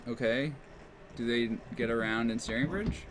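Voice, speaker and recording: A man talks through a card game match, weighing each play out loud with frequent "like" and "I mean." His voice sits at a middling pitch, with faint background ambience from a game store. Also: moderate pace, background noise. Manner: analytical, thinks aloud, many fillers. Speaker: game commentator. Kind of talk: casual live commentary.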